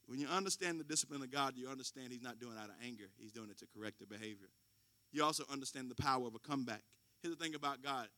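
A man preaching a sermon as pastor, telling stories in a folksy, informal way and swinging from quiet talk to loud preaching. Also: medium pitch, racing, dry recording.

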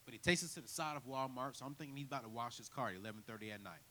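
A man preaching a sermon in church, telling his own story with big swings from quiet to near shouting. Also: mid-range voice, racing, slight background noise, poor audio. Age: 30s. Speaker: guest preacher. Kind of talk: sermon with personal testimony.

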